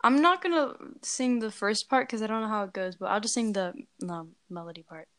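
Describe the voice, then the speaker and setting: A woman's voice: mid-range voice, a little fast, a bit bright, dry recording, clean studio sound. A young woman co-hosting a casual comedy podcast who jokes, giggles and sings loose, off-key snatches of songs. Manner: giggly, self-deprecating, sings loosely from lyrics. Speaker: podcast co-host.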